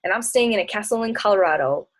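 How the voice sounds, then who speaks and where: A young woman with a mid-range voice speaks quickly and with lots of energy. She's a travel blogger and coach answering audience questions in a casual, chatty, bubbly way, often laughing and acting out snippets of dialogue.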